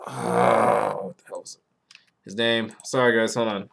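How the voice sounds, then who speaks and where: A young man hosting a podcast, rambling casually and swearing a lot, with his voice jumping up when he gets excited. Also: unhurried, gravelly. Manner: rambling, profane, excitable, pitch jumps when worked up. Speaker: podcast host. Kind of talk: casual solo chat about anime.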